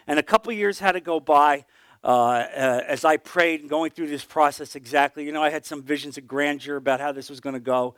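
A middle-aged man leads a Bible class in an earnest, storytelling manner. His voice sits high for a man, and he often drops to a soft, low hush at moving points. The sound is dry and close. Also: fairly quick, clean tone, dry recording. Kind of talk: conversational Bible teaching with personal testimony.

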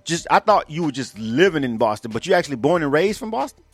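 A man's voice: a little high, big pitch swings, fast, slightly rough, no echo, soft background music. A man hosting a live radio interview, talking loosely with many fillers and repeats. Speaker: radio show host. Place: based in Atlanta.

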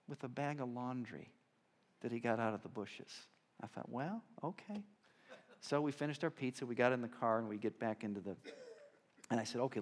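Man, pastor, sermon, chatty storytelling, loud peaks then soft asides. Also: medium pitch. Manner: conversational storytelling, swings between loud and soft.

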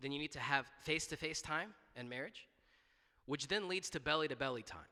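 A man's voice: fairly high pitch, a little fast, pushed and bright, long reverb tail. A man preaching a sermon in a church, talking conversationally with frequent restarts, repeated words and asides of "right?".

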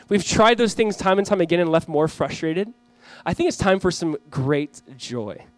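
A man's voice: high-pitched, normal speed, dry recording. A man preaching a sermon as pastor, talking in a conversational way that swells into fervent emphasis.

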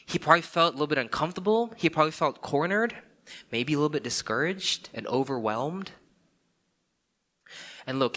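A man's voice: mid-range voice, sharp tone. A man preaching a sermon, speaking emphatically and asking many rhetorical questions. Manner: emphatic, rhetorical questions, frequent "okay" and "right". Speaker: pastor.

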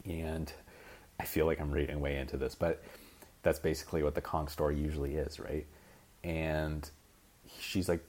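A man's voice: very deep voice, little pitch movement, fairly quick, darkish tone. A young man hosting a solo podcast, rambling casually with lots of fillers, swearing, and acting out scenes as he retells them. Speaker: podcast host. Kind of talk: casual rambling film chat.

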